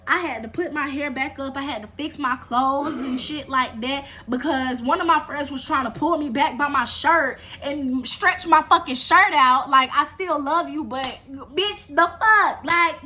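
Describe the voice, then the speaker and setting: A woman telling a casual storytime tale, animated and profane, with fight sound effects. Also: high voice. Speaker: storyteller vlogger.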